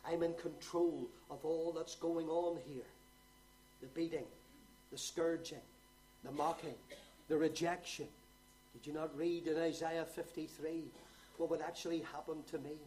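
A man preaching a sermon, moving from quiet explanation to loud, rising exhortation. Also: fairly high pitch, level tone, a little slow, a little hiss or hum, poor audio.

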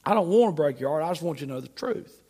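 A male pastor preaching a Sunday sermon, emphatic, swinging between loud and soft. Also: a little high, lively intonation, rapid-fire, husky. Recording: long hall reverb.

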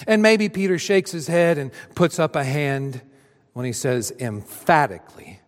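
A man's voice: fairly high pitch, a little slow, in a large hall. A man preaching a sermon as a pastor, speaking emphatically with dramatic rises and drops.

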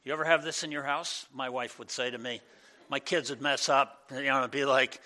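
Animated, conversational male pastor preaching. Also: medium pitch, brisk. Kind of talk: sermon. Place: church.

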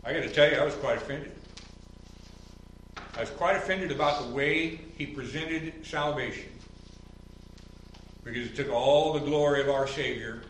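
A man preaching in a church sanctuary, his voice bright and forceful with a roomy echo around it. He reasons quietly, then climbs into loud, high-pitched emphasis, mimicking others as he argues. He is picked up from a distance, over a faint ambient hiss. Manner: mocking quotes in a higher voice. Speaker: pastor. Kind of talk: sermon.

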